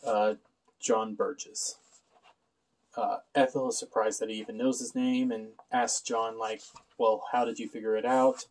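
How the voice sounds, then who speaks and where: A man's voice: medium pitch, a little mellow, poor audio. A man casually recapping a TV episode with sarcastic asides and frequent fillers. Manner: sarcastic, offhand, many "uh" fillers. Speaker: show reviewer.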